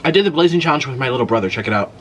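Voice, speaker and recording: A young man hosting a casual eating vlog, talking freely and letting out loud exclamations as he tries spicy food. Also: medium pitch, expressive, rapid-fire, noisy background. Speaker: mukbang host.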